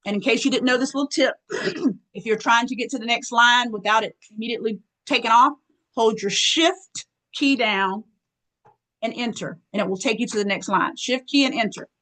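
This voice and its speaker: A woman presenter running a live online workshop, lively and folksy, often clearing her throat as she talks to her audience. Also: a little high, moderate pace, rough recording. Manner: lively, folksy, calls audience girl and y'all.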